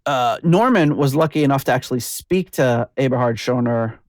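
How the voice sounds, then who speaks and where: A man's voice: mid-range voice, moderate pace, darkish tone, no room sound, clean studio sound. A man hosting a podcast, chatting casually and rambling with restarts. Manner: rambling, lots of fillers and restarts, laughs easily. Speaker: podcast host.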